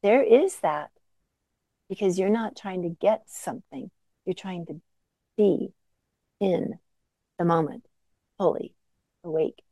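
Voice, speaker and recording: A woman meditation teacher giving a gentle, conversational dharma talk with self-deprecating asides. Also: fairly low pitch, slow pace, long pauses, no room sound, lo-fi sound.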